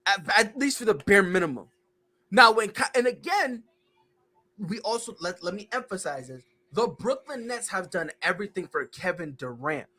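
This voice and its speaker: A man's voice: high-pitched, expressive, moderate pace, sharp tone. A man hosting a casual sports podcast, ranting and joking about wrestling and basketball. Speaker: podcast host.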